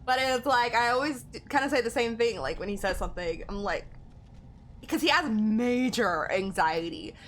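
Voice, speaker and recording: A woman's voice: fairly high pitch, animated, moderate pace, a bit bright, a little hiss or hum. A young woman streaming a game, chatting casually with a friend and her viewers and laughing often. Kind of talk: casual chat while livestreaming a game.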